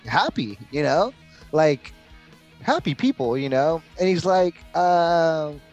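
A man's voice: a little high, animated, slow pace, a little mellow, dull audio, faint music behind. A middle-aged man hosting a podcast, telling a story in a loose, rambling way, full of "like" and "you know". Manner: laid-back, rambling, heavy use of "like" and "you know". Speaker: podcast host. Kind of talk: casual storytelling chat.

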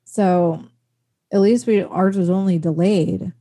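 Mellow-voiced woman, earnest chat. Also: on the low side, fairly even intonation, slow. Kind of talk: casual chat.

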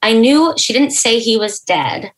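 A young adult woman, a podcast guest, telling an emotional personal story in an earnest, halting way, with fillers and restarts. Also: on the high side, sing-song, rough recording.

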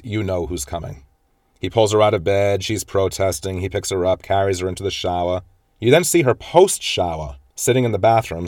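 Low-voiced man recapping a film. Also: darkish tone, no echo, clean studio sound. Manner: retells scenes, quoting lines with small shifts of voice. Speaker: film reviewer. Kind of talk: casual film recap and commentary.

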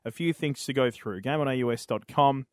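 A man's voice: mid-range voice, fairly quick, darkish tone, dry recording. A man with an Australian accent hosting a casual gaming podcast in a studio, laid-back and jokey. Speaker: podcast host.

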